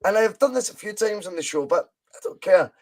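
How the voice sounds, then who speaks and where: A Scottish man in his thirties with a high voice rattles on in a casual podcast, excitable and sweary. He drifts from point to point over a video call. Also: a little fast, rough recording. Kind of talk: casual football podcast chat.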